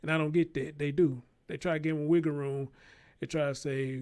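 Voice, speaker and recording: A man's voice: on the high side, fairly even intonation, normal speed, a little mellow. A man hosting his own show, giving a blunt, profane, unscripted commentary and repeating his points for emphasis, speaking.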